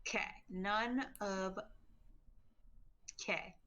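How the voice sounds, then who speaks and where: Slow-talking woman with a bright voice. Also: mid-range voice, fairly even intonation, highs cut off. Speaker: player. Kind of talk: casual game talk.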